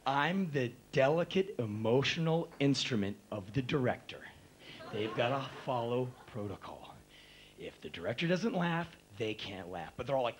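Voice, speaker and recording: A man performing a comedic storytelling monologue at a live show, animated, swinging between low mutters and shouted bursts. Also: slight background noise. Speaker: spoken word performer.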